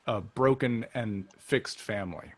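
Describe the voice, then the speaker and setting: A man's voice: lowish voice, unhurried. A man hosting a casual interview podcast, talking as an eager, enthusiastic fan who asks questions. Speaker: podcast host.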